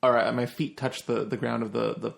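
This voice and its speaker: A man hosting a podcast, reading listener stories aloud with animated, swear-heavy casual chat and jokey asides. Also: medium pitch, a little fast, vocal fry.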